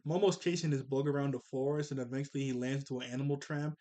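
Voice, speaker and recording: A man's voice: medium pitch, steady tone, rapid-fire, mellow. A man hosting a casual cartoon episode review, rambling along with chuckles and self-corrections.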